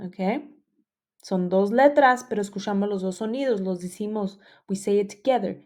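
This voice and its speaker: A woman's voice: mid-range voice, fairly quick, a little mellow. A woman teaching a bilingual phonics lesson, drawing out letter sounds and repeating rules in English and Spanish. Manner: switches between English and Spanish.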